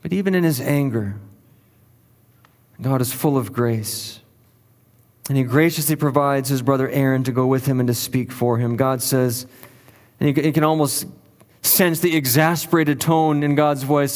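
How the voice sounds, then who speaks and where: A man's voice: mid-range voice, steady tone, moderate pace, pauses often, darkish tone, big-room sound. A male pastor preaching a sermon in an earnest, emphatic way, leaning on repeated phrases for weight.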